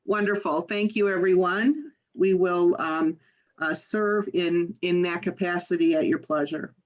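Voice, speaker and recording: A woman chairing an online board meeting, talking slowly with many pauses and fillers. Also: on the low side, dull audio. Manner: slow, halting, many fillers.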